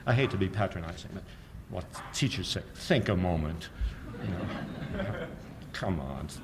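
A man giving a public history lecture, sardonic and animated, firing off rhetorical questions and often chuckling at his own points. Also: deep voice, moderate pace, noisy background.

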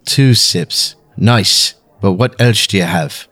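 A man voicing a whiskey taster with a put-on South African accent, giving slow, theatrical sip-by-sip ratings. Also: lowish voice, a bit bright. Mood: savoring.

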